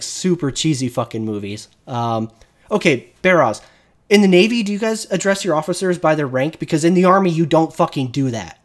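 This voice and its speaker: A man giving casual gaming commentary as a streamer, ranting and swearing often. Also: on the high side. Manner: profane, ranting.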